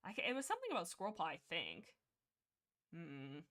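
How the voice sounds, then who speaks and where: A woman hosting a livestream, chatting casually in a rambling, excitable way with lots of restarts. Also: on the low side, a little fast. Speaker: livestream host.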